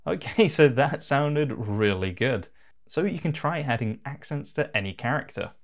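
A man with a mid-range voice explains software step by step in a relaxed, casual voice-over. He talks in an easygoing, conversational manner as he clicks through settings. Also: medium pitch, moderate pace. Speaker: tutorial host.

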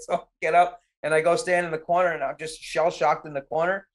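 A man's voice: on the high side, quick pace, few pauses. A middle-aged man casually recounting a film shoot in a podcast interview, acting out his own quotes with lots of "like". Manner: animated storyteller, acts out quotes, frequent "like".

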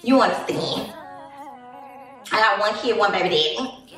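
A woman's voice: mid-range voice, lively intonation, normal speed, fairly bright tone, faint music behind. A woman in her late twenties with a Southern US accent, talking bluntly and preachily straight to her viewers in a casual monologue. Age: 20s. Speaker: vlogger. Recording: very echoey room, distant mic, faint noise.

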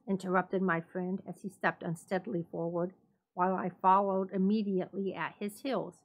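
A woman's voice: fairly low pitch, flat delivery, moderate pace, poor audio. Woman reading a horror story aloud. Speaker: library staff reader.

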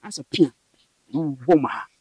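A man recounting a personal spiritual experience as an interview guest, in animated storytelling that jumps into high bursts. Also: slow, slightly rough, no echo. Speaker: guest telling his story. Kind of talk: personal testimony in conversation.

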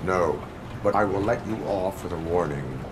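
RoboCop, a man doing a deep stern cyborg cop. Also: moderate pace, noisy background, lightly acted. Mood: formal. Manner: flat, clipped and formal. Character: stern male cyborg police officer.

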